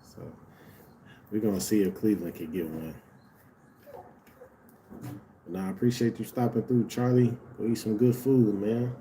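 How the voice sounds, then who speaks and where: A man's voice: fairly low pitch, steady tone, moderate pace, pauses often, mellow, a little hiss or hum. A man casually commenting on a live basketball game for his stream viewers, laid-back and slangy, talking straight to them.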